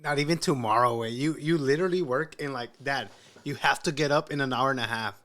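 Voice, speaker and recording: A man's voice: medium pitch, fast, bright, forceful tone. A man reacting to a story with slangy, exclamatory interjections. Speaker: reaction host. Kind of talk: reaction commentary.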